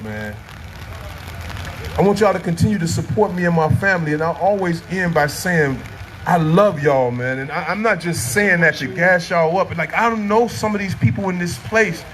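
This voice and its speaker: A middle-aged man speaks at an outdoor street rally, his voice pitched unusually high and pushed into fiery, preacher-like shouts. He rises and falls in waves like a sermon. A faint hiss of street noise runs under him. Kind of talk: impassioned rally speech.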